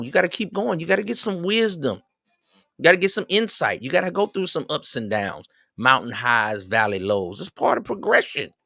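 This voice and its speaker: Middle-aged dude dropping slangy life advice, bright tense voice, dry close sound. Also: male voice, high voice, creaky, dry recording. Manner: streetwise slang, preachy, joking, loud swings. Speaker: show host. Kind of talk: casual advice monologue.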